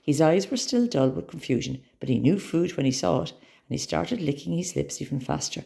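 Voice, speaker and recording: A woman reading a children's story aloud with expressive, dramatic storytelling. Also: low voice, moderate pace, creaky.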